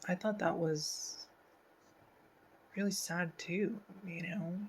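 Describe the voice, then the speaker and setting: A woman talks through a TV episode as a casual reaction host, slow and unhurried, her voice sitting a little low. She muses aloud with plenty of fillers and drops to a near-whisper when something feels sad. A faint hiss of background noise runs under the recording. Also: steady tone, poor audio. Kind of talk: casual pause-and-talk commentary.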